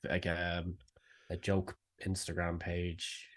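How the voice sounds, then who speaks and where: A man's voice: low voice, monotone, takes it slowly, a bit bright. A man co-hosting a podcast in casual chat, with a dry, wry sense of humour. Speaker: podcast co-host.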